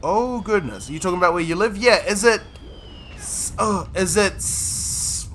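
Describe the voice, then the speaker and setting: A young man streams a game and chats with his viewers. His voice sits high and bright and swings widely in pitch. He talks at an unhurried pace, with a playful, excitable manner and frequent laughs. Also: slight background noise. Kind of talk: live gameplay commentary, chatting with viewers.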